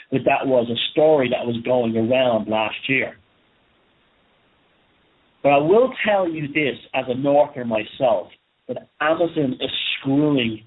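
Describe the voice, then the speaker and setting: Husky, indignant male commentator. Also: medium pitch. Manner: indignant and conversational, with repeated emphasis. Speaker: commentator host. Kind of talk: monologue commentary. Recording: tinny phone-like sound.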